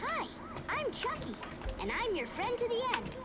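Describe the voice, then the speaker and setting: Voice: very high voice, huge pitch swings, moderate pace, heavily acted. An actor voicing a chirpy, sing-song talking child's toy doll in a game clip. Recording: game audio clip with loud noise.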